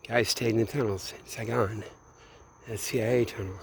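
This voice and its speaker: A man's voice: fairly low pitch, fairly even intonation, moderate pace, vocal fry, slight background noise. Rambling, profane man talking late at night. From Minneapolis, USA. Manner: meandering, profane, trailing off often. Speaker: vlogger.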